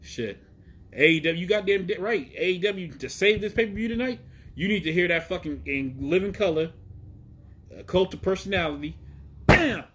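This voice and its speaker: A man from Chicago hosting a casual live stream outdoors, talking in a profane, excitable, rambling way about wrestling. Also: high voice, moderate pace, slight background noise. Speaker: wrestling show host. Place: outdoors in the heat.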